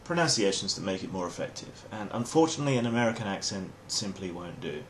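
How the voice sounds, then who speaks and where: A low-voiced English man delivering a comic explainer in a dry, mock-formal way. His pitch leaps around with lively swings. There is a faint hum behind him. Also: quick pace. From England. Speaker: host.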